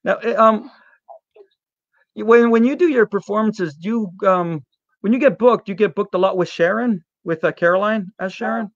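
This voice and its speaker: High-voiced male interview host. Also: normal speed, no room sound, muffled recording. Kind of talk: casual interview chat.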